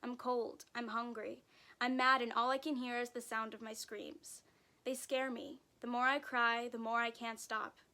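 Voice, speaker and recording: A woman's voice: on the high side, flat delivery, normal speed, pushed and bright. A woman reading a storybook aloud voices a frightened, hungry newborn baby girl who wails and frets. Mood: distressed.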